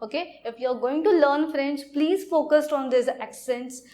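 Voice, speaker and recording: A woman teacher slowly explaining a French lesson, pausing often to say okay. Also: high-pitched, mellow. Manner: slow and explanatory, with frequent okays. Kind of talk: classroom lesson.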